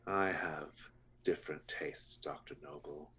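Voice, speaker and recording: A man voicing a tall, oily-smiling butcher's son who speaks slowly, softly and with menace in a tabletop game. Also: extremely low pitch, steady tone, a little hiss or hum, full character voice. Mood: menacing. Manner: slow, soft and menacing.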